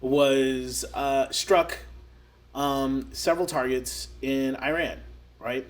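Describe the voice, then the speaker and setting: A man's voice: medium pitch, fairly even intonation, slow pace. Rambling man co-hosting a podcast. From United States. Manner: rambling, with many fillers and laughs. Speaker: podcast co-host. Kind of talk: casual chat.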